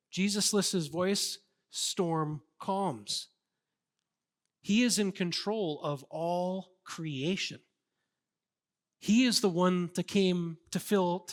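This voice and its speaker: A man's voice: high voice, fairly bright tone. A man preaching a sermon as a pastor, earnest and conversational, with casual fillers.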